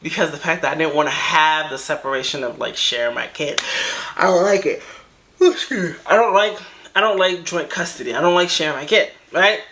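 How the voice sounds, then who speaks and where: A young woman chatting casually through a personal storytime, animated and swearing freely, with laughter in her voice. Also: low voice, fairly quick, slight background noise. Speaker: vlogger telling a story.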